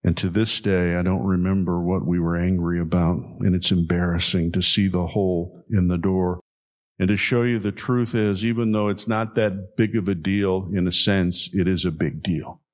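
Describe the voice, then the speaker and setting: A man with a fairly low voice preaching a sermon. He talks with emphasis, pauses on his points and repeats key lines so they sink in. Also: flat delivery. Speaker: pastor.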